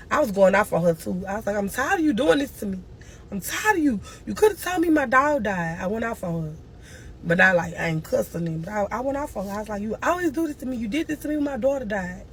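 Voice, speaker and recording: A woman's voice: medium pitch, fairly bright tone, a little hiss or hum. A grieving woman streaming live, telling a long emotional story and crying at times. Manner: tearful, cries and moans through the story.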